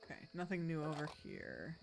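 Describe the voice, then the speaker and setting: A woman's voice: low-pitched, wildly swooping pitch, moderate pace, gravelly. Woman, game streamer, casual rambling chat, faint background music. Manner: chatty and rambling, talking to chat. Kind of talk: casual gaming stream commentary.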